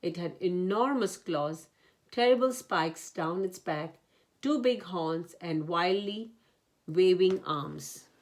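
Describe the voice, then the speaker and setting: Slow, low-voiced woman reading a storybook. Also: expressive. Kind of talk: reading a children's picture book aloud.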